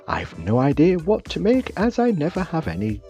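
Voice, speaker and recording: British male host, dry self-mocking wit, animated delivery, voice-over for a craft build video. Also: on the high side, normal speed, soft background music. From Britain. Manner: wry, self-deprecating humor. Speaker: scratch-build hobby channel host.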